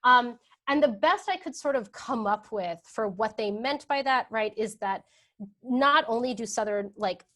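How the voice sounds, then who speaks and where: A woman's voice: a little high, lively intonation, measured pace, fairly bright tone. Woman academic fielding questions; tentative, filler-heavy, asks "right?" a lot. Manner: thinking aloud, many ums and "right?" checks; hedging with "sort of" and "like". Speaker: guest speaker, history professor. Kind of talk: academic Q&A answers.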